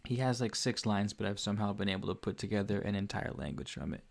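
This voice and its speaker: A man's voice: fairly low pitch, animated, fast, vocal fry. A man hosting a casual late-night livestream, rambling and joking with frequent giggles. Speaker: channel host. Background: faint music.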